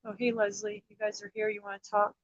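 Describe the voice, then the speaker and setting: A woman's voice: mid-range voice, little pitch movement, fast talker, dry recording, dull audio. An emotional woman in her thirties, rambling on a personal livestream about her family, upset and close to tears. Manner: rambling, emotional, repeats herself. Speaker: livestream host.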